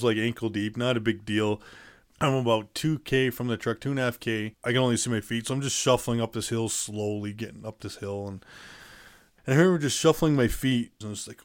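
A man being interviewed, recounting events in a plainspoken, matter-of-fact way with many fillers and restarts. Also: medium pitch. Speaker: interview guest. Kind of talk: casual storytelling in conversation.

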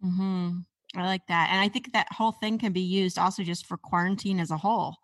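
Low-voiced woman podcast host, candid. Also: fairly even intonation, a little fast, no echo. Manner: candid, self-deprecating, chatty. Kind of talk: casual podcast chat.

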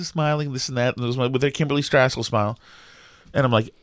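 A middle-aged man, co-hosting a podcast and telling a story in an animated, exasperated way with lots of restarts. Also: on the high side, a little fast, dry recording, studio quality. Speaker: podcast co-host. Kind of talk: casual storytelling chat.

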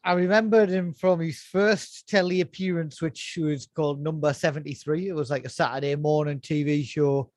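A podcast co-host with a fairly high, steady, darkish voice chats casually about old children's TV, speaking at normal speed with few pauses on a dry recording. He laughs often and lets sentences trail off unfinished.

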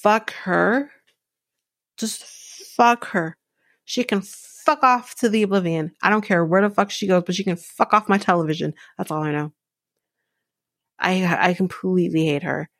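A woman's voice: fairly low pitch, unhurried, gravelly, fairly bright tone, no room sound, studio quality. Blunt, profane woman ranting. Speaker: podcast host recapping a reality show. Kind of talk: casual solo recap.

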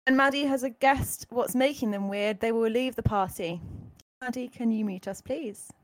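A woman hosts an improv game from her bedroom over a video call. She hands out roles in a brisk, organizing way. Her voice sits a little high and the sound is dry. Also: dry recording. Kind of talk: casual improv game hosting.

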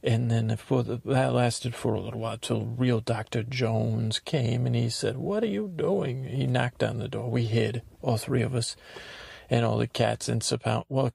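A man rambling naively through a comic podcast monologue in character, halting often and acting out what others said. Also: medium pitch, steady tone, vocal fry, a little mellow, slightly rough, no room sound. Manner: acts out quotes in silly voices.

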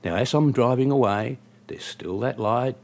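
A man's voice: medium pitch, moderate pace, creaky, darkish tone. A man, a taxi driver telling a story about a fare in a dry, wry, conversational way. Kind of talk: spoken anecdote storytelling.

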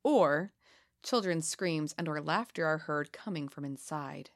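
A woman co-hosting a casual podcast, reading spooky legends aloud in a playful, giggly way with dramatic pauses. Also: deep voice. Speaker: podcast co-host.

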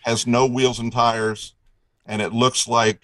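A man's voice: medium pitch, little pitch movement, slow pace, a bit bright, no room sound, low-quality recording. A man from Indiana telling a long story in a folksy, rambling way, acting out the dialogue as he goes. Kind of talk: casual storytelling.

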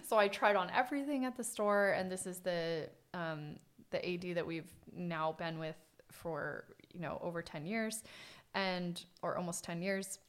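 A woman's voice: on the low side, a little slow. A young adult woman, a podcast guest, telling stories in casual conversation, laughing often and acting out what people said. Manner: animated storyteller, laughs often, acts out quotes. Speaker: podcast guest, watch collector.

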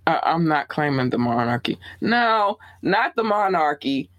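A woman podcast host with a Baltimore accent, chatting casually and bluntly in a small home studio, her voice swooping up high when excited. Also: measured pace, no echo. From Baltimore, USA. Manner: laid-back, blunt, frequent "um" and laughter. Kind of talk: casual podcast sign-off chat.

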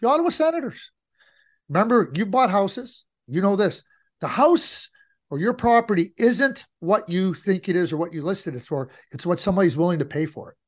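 A man's voice: high voice, very animated, normal speed. A middle-aged man co-hosting a casual hockey podcast, telling stories and repeating phrases for emphasis. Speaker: podcast co-host.

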